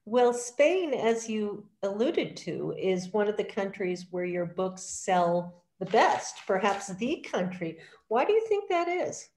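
A woman's voice: medium pitch, big pitch swings, takes it slowly, few pauses, a little mellow, reverberant. A woman interviewing an author at a bookstore event, enthusiastic and admiring.

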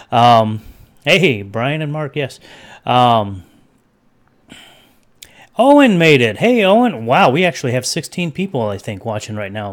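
A man hosting a casual livestream over his webcam, rambling between topics and greeting chat viewers by name. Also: fairly low pitch. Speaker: livestream host.

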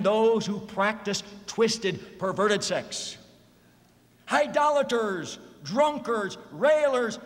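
A man preaching a fiery sermon, swinging between near-shouts and hushed, low lines. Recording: long hall reverb.

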